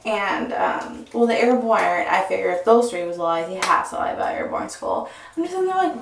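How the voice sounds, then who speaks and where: Brief: young woman, lively cursing storyteller, recorded off-mic in a roomy space. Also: mid-range voice, moderate pace, creaky, recorded from a distance, slight background noise. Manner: animated, profane, chatty storytelling. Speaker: vlogger. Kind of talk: casual storytime. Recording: echoey room, voice off-mic.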